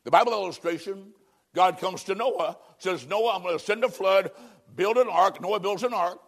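Male evangelist, high-pitched, dramatic sermon delivery with loud peaks and quiet closes. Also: normal speed. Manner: dramatic, swings between loud emphasis and hushed low endings. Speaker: preacher.

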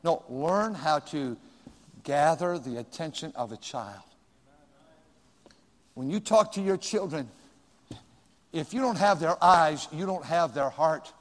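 An older man preaching a sermon as pastor, swinging from hushed asides to sudden shouts. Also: on the high side, lively intonation, slow, long pauses, big-room sound.

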